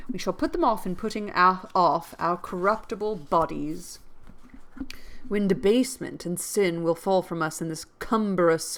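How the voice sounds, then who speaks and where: In a storybook reading, a woman gives voice to a gentle, pious orphan schoolgirl. Her delivery is soft and earnest, and her pitch sits a little low.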